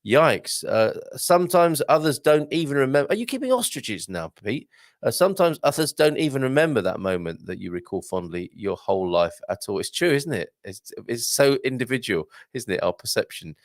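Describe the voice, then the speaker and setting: A man hosting a live stream, chatting and reading out viewer comments with lively exclamations. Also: medium pitch, brisk, dry recording, clean studio sound. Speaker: host.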